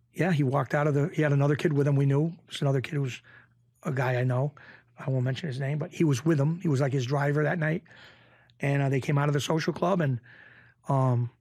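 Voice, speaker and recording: A middle-aged man from Springfield, Massachusetts, telling stories as a podcast guest in a rambling, animated way with frequent restarts. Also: on the high side, dry recording, clean studio sound. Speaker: podcast guest, former mob bookie. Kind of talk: casual storytelling interview.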